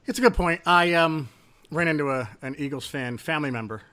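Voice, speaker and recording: A man's voice: on the high side, brisk, bright, forceful tone, smooth. A middle-aged man co-hosting a podcast, chatting casually and telling rambling, self-deprecating anecdotes. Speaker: podcast co-host. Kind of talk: casual sports chat.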